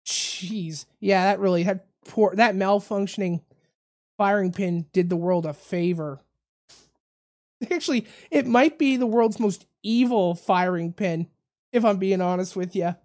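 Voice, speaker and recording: A woman's voice: mid-range voice, unhurried, a little mellow. A woman hosting a comedic talk radio show, ranting in a brash, rambling, provocative way.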